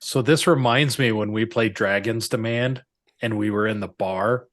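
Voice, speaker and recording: A man, a tabletop game player, telling a funny story in a relaxed way. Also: fairly low pitch, normal speed. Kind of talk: casual chat.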